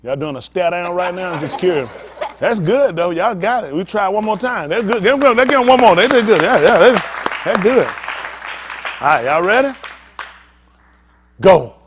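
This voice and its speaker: A man's voice: high voice, expressive, normal speed, pauses often, a crowd in the background, noisy background. A man preaching as a pastor, coaxing and teasing volunteers from the congregation in a playful way.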